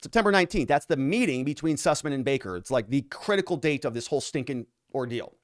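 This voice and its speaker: A man's voice: medium pitch, lively intonation, fast, dry recording, clean studio sound. A man recapping court testimony as a lawyer commentator, telling it animatedly with frequent laughs and acting out the quoted exchanges.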